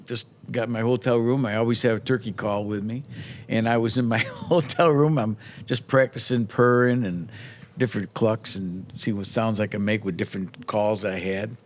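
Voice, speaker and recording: A man's voice: lowish voice, normal speed. Guy from new york telling a rowdy story on a podcast, acts out what people said, swears a lot. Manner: animated, acts out the dialogue, swears freely. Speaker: podcast guest, singer. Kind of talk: casual storytelling chat.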